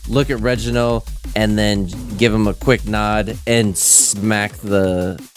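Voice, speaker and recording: A man playing in a tabletop game, excitedly describing his character's actions. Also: on the low side, slow, over music. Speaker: player. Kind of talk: casual tabletop role-play.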